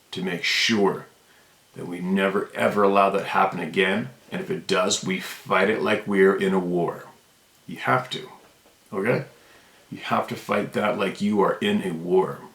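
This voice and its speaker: A deep-voiced man speaks straight into his camera, hammering his points home and repeating them as he grows more fired up. The room around him rings with a noticeable echo. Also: fairly bright tone. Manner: fired-up, emphatic, repeats himself. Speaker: channel host. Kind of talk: impassioned unscripted rant to camera.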